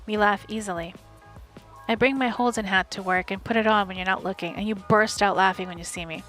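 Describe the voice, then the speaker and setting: Woman, live audiobook reading, steady wry narration, mid-range voice, home desk mic. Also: medium pitch, fairly quick, soft background music.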